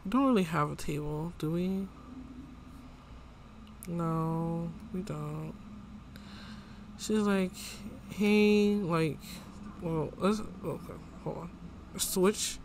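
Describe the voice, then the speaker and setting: A man's voice: fairly high pitch, takes it slowly, creaky, long pauses, slight background noise. A man casually commenting on a life-sim game as he plays, chatting to the characters and his viewers. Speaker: gameplay vlogger.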